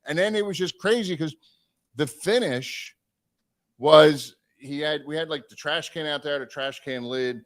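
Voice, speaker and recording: His voice a little high and his pace a little slow, a man casually recounts a long road story on a live stream. He swears, stays animated, and acts out the people he quotes.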